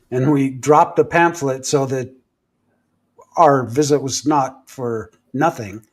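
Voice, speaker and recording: A man's voice: mid-range voice, breathy edge. A man retelling a personal story in casual live-stream chat, vivid and full of restarts. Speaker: podcast host. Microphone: home live-stream mic.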